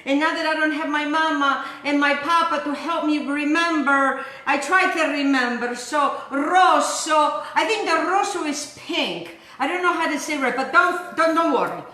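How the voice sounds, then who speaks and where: A woman's voice: high-pitched, normal speed, hardly any pauses, sharp tone, echoey room. A woman from Argentina hosting a cooking show, chatting in a bubbly, sing-song way and sprinkling in Italian words. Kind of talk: chatty live cooking demonstration. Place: home kitchen.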